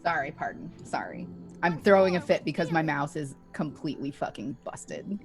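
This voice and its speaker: A man's voice: a little high, animated, normal speed, vocal fry, faint music behind. A man playing in a tabletop game, chatting casually with sarcastic quips. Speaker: player. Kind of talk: casual chat.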